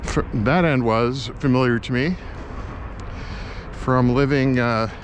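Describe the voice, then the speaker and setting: A man narrating a casual vlog as he explores an old industrial site, musing and halting with many fillers, from a helmet-mounted camera. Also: medium pitch. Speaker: vlogger exploring a historic site. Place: outdoors near rail lines and traffic. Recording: outdoor noise, traffic. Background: clear street and vehicle noise.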